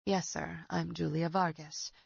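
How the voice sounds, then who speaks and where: A woman's voice: deep voice, level tone, measured pace, gravelly, slightly rough, no echo, dull audio, heavily acted. A woman voicing a young female investigator who speaks earnestly and politely with some tension, in an audiobook. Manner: earnest, polite, a little tense.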